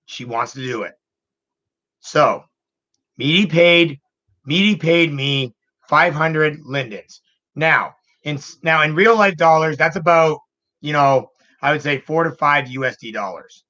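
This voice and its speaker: Sitting in his home computer room, this vlog host rambles through an emotional personal story, going back over the same points. His voice is fairly high, pushed, and bright, with a measured pace, captured in a dull lo-fi home recording.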